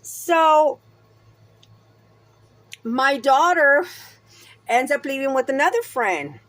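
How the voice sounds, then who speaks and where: Middle-aged woman, high voice, rambling profane vlogger venting about her day. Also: lively intonation, takes it slowly, a bit bright, no echo. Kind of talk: casual ranting vlog.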